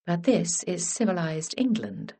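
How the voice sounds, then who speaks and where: A woman's voice: on the low side, big pitch swings, a little slow, warm tone, husky, heavily acted. A woman voicing a reserved, anxious young lady who speaks in a hesitant, restrained way, in a storybook reading. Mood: uneasy.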